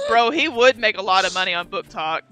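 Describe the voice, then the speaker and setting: A woman's voice: medium pitch, huge pitch swings, normal speed, bright, forceful tone, soft background music. A young woman streamer chatting casually, slangy and laughing often. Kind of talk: casual chat.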